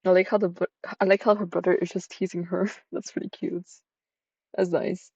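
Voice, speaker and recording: A woman's voice: fairly low pitch, flat delivery, moderate pace, darkish tone, husky, dry recording, highs cut off. A woman streamer giving casual, chatty commentary while reading a story game, giggling and swearing freely.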